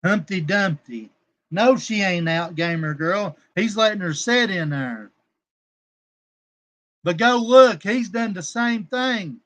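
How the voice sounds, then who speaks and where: A man hosts a casual livestream, his voice sitting high for a man. He rambles, turns combative and coarse, and breaks off to greet viewers in his chat by name. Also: takes it slowly, a bit bright. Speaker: livestream host.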